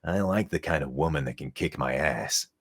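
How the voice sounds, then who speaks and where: A man voicing a brash young male character with a throaty, nasal rasp and a cocky, laid-back delivery. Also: extremely low pitch, normal speed, fairly bright tone, voice pushed down, full character voice.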